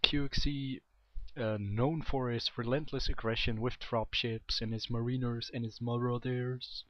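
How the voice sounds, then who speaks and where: A young man casts a video game match as an amateur esports commentator, chatty and rambling, often correcting himself. His voice is medium-pitched, level, and moderately paced, on a dull, dry home mic.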